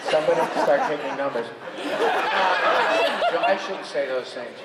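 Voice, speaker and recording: A man's voice: a little high, lively intonation, measured pace, heavy background noise. An older man telling joking, opinionated stories to a convention audience. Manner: joking, opinionated storytelling with laughs. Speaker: convention panel guest. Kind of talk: animated convention panel talk. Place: large convention hall. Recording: echoey hall, distant mic, crowd. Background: audience reactions.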